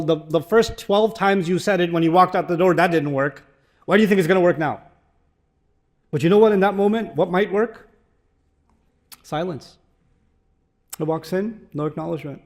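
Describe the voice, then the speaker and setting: Lively storytelling male preacher. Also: a little high. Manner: storytelling with acted dialogue and humor. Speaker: Islamic speaker. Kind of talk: sermon.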